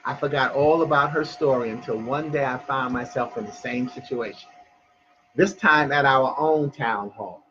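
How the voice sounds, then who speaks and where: A man's voice: mid-range voice, normal speed, highs cut off, background noise. A man hosting a broadcast, reading a story aloud with chatty asides and stumbling restarts. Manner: chatty, loses his place and restarts.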